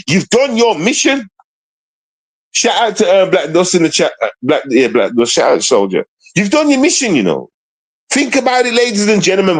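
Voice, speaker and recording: A man's voice: a little high, low-quality recording. A man hosting a livestream, talking in a rambling, heated way, swearing and repeating himself. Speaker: livestream host.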